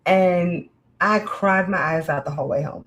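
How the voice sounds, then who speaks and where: A woman in casual chat, telling a candid personal story with animated, frank delivery. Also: fairly low pitch, moderate pace, rough recording.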